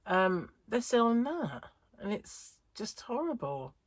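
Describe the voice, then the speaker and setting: A woman's voice: mid-range voice, sing-song, slow pace, no echo. A middle-aged woman with a wheezy chest chatting in a tired, rambling way for her crochet vlog. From United Kingdom. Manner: rambling, chatty, self-interrupting. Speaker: crochet vlogger. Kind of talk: casual chat vlog.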